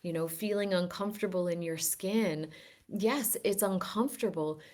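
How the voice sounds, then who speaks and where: A woman with a deep, low-pitched voice talks through a reflective wellness lesson for her group. She is earnest and gently persuasive, often restarting her phrases as she thinks aloud. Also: normal speed. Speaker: wellness teacher. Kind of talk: reflective teaching talk.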